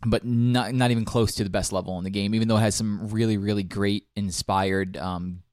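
On the low side and steady, a little mellow and fairly quick, this young man is heard in a dry, studio-quality recording. He co-hosts a podcast, and his casual video game chat wanders, thick with ums and restarts.

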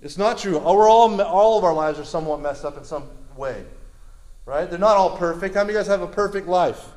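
A man preaching a sermon in a lively, conversational way, repeating words and asking the crowd questions. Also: high-pitched, fairly quick, echoey room.

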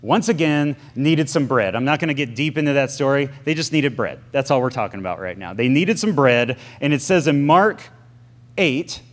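A man's voice: medium pitch, normal speed. A man in his thirties preaching a casual sermon, telling stories and acting out quotes with a shifting voice. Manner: storytelling, animated, acts out quotes with shifting voice.

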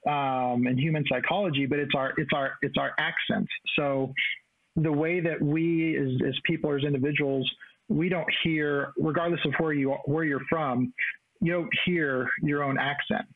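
A man's voice: a little high, steady tone, normal speed, dry recording. A man from the US-Mexico border in Texas, co-hosting a casual chat and speaking with many restarts and fillers. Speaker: co-host. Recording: tinny phone-like line.

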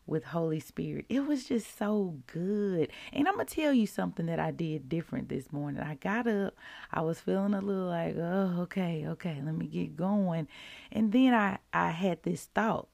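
A woman hosting a daily faith podcast, chatting with excitement and calling her listeners y'all. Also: fairly low pitch, moderate pace, creaky, no echo. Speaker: podcast host. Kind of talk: casual devotional podcast talk.

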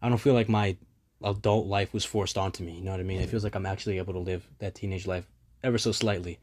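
A man's voice: low voice, steady tone, fast, a little mellow. A young man rambling in a casual solo monologue, self-deprecating and swearing freely, his voice a little strained.

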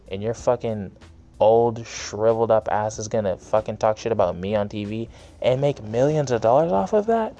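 A young man hosts his own solo podcast, ranting angrily and swearing heavily in a casual, heated way. His fairly low voice has lively intonation, a warm tone, and a moderate pace, with the highs cut off.

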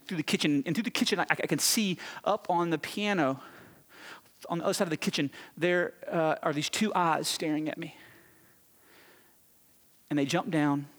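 Pastor, male, husky, telling a self-mocking story from the pulpit of a large echoing church. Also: on the high side. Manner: animated, self-mocking storyteller with quick restarts. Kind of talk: storytelling sermon. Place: church sanctuary.

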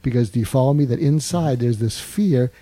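An older man, a psychiatrist and author, explaining advice in an interview in an earnest way, often restarting and filling pauses with "uh". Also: mid-range voice, dark tone, no room sound. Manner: earnest, fills pauses with "uh", restarts and repeats words.

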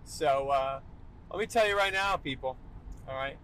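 A man's voice: medium pitch, normal speed, pushed and bright, clear, resonant tone, poor audio. A young man hosting a solo podcast, talking emphatically and tagging "all right" onto his points. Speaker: podcast host.

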